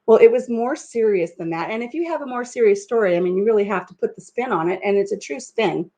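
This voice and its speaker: Woman vlogger, casual storyteller, mid-pitched, laughing and self-deprecating, salty language. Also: animated, fast, few pauses, mellow.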